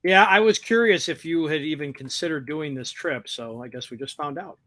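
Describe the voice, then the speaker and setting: A man hosting a sports podcast in casual chat, brisk as he wraps up the show. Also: a little high, fairly bright tone, no echo. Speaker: podcast host.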